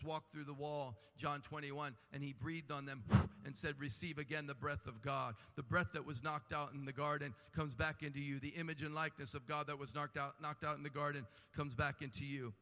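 A man's voice: on the high side, steady tone, a little fast, sharp tone. A man preaching a sermon with impassioned delivery and humorous asides, rising and falling in intensity. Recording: long hall reverb.

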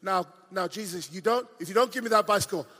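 A man's voice: sits high, quick pace, pushed and bright. A man preaching, voicing a cheeky young boy who bargains with God, pleading in a hall. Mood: bargaining. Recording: long hall reverb.

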